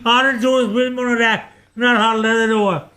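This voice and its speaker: A high, exaggerated Kerry-accented mob boss. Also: male voice, fairly even intonation, a little slow, bright, forceful tone, full character voice. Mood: menacing. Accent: thick put-on Kerry.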